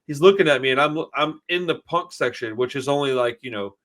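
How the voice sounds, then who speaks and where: A man's voice: mid-range voice, a little fast, a bit bright. A middle-aged man from Texas, a podcast host, telling a long rambling story in casual chat, swearing freely and calling everyone dude and bro. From Houston area, Texas.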